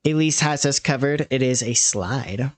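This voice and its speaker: A man running a tabletop game as game master, narrating slowly with frequent fillers. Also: medium pitch, dry recording. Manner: slow, measured with many fillers.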